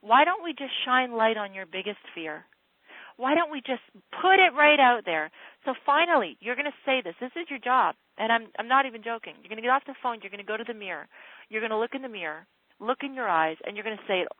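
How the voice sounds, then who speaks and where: A woman's voice: on the high side, expressive, quick pace, dry recording. A woman coach on a phone call with a client, talking in a direct, insistent and emphatic way. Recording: dry narrow phone line.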